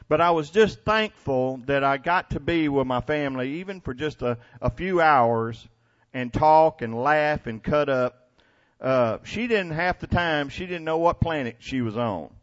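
Older man, pastor, folksy sermon storyteller, somewhat high voice, muffled lo-fi church recording. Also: unhurried. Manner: folksy storytelling with laughs and stammered restarts. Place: church before a congregation.

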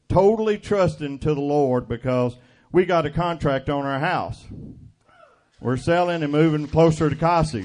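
Older man, slow-talking homespun preacher, dry close sound. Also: medium pitch, darkish tone, dry recording. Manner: folksy, homespun preaching with rhetorical questions. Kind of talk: sermon.

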